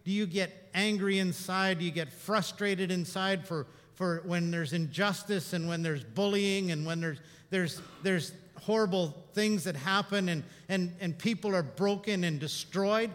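A man preaching a sermon with a high, bright voice. He tells stories and swings between hushed, quiet passages and animated ones. His voice rings through a hall with a long, echoing reverb. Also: measured pace, few pauses. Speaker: pastor.

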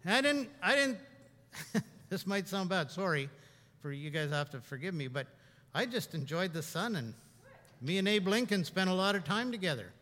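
Man from Canada, pastor, bright tense voice, casual preaching with repeated phrases, church sanctuary. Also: high voice, sing-song, normal speed, long reverb tail. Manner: conversational preaching, rising for emphasis, often repeating himself. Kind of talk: sermon.

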